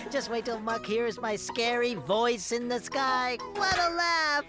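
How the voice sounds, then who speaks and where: Cheeky cartoon scarecrow, giggly, unhurried, sing-song. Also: male voice, very high-pitched, very animated, over loud music, full character voice. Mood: playful, teasing. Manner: giggly, teasing, plays tricks. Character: mischievous male scarecrow prankster.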